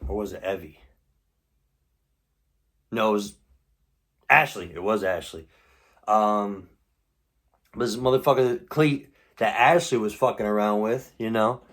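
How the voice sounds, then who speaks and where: A young man telling a personal story in a casual, rambling way, swearing often and filling gaps with ums and likes. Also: medium pitch. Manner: rambling, profane, full of fillers; gets louder and more animated in later stretch. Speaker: vlogger.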